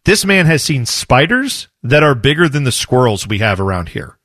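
A man's voice: mid-range voice, big pitch swings, moderate pace, a bit bright, no echo. A man co-hosting a sports talk radio show in casual banter, telling a news story with jokes and chuckles.

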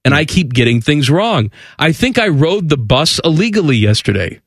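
A male sports radio host, talking in a lively voice that leaps up and down. He is sarcastic and incredulous in his banter, set close and dry on the studio mic. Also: fairly high pitch, moderate pace, no room sound.

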